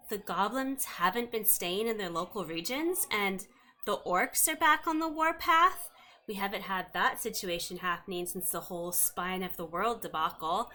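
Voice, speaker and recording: A woman's voice: medium pitch, pushed and bright, a little hiss or hum. A woman narrating a tabletop game as game master, with wry asides to the players.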